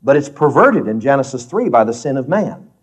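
A man's voice: medium pitch, very animated, a little fast, breathy edge. A man teaching a Bible class in an earnest, emphatic, folksy way.

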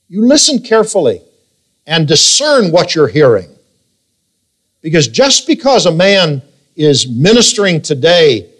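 Emphatic preaching man, slow cadence. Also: a little high. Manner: emphatic preaching, slow drawn-out scripture reading. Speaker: pastor. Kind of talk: sermon.

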